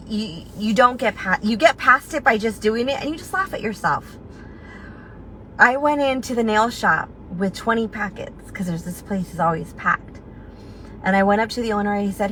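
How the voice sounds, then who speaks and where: A woman's voice: on the high side, normal speed, bright, forceful tone, slight background noise, rough recording. A woman with a slight lisp giving a chatty, motivational recruiting talk, acting out her own inner voice and laughing at herself. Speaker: network marketing team leader.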